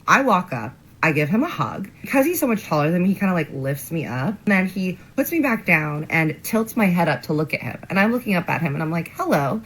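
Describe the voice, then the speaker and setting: Young woman spilling a bad date story, chatty and sassy, lowish voice that swoops all over. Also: very animated, quick pace, hardly any pauses, husky, rough recording. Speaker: storyteller in a played short clip. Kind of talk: dating storytime monologue.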